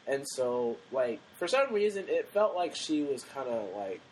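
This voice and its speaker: A man's voice: medium pitch, sing-song, normal speed, a little mellow, slight background noise, poor audio. A young man in his late teens co-hosting a podcast, telling a rambling story and acting out the quotes. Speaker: podcast co-host. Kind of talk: casual chat.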